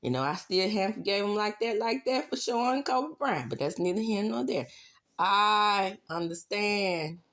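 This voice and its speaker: A woman hosting her own channel, recapping reality TV in a sassy, animated way. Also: mid-range voice, normal speed. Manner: sassy, animated, says "baby" a lot. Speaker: YouTube recap host.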